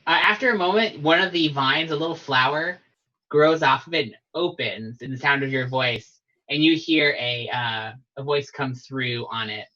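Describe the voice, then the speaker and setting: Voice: mid-range voice, moderate pace, bright, forceful tone. A game master narrating a tabletop game in a descriptive, easygoing way. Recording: slightly dull lo-fi audio.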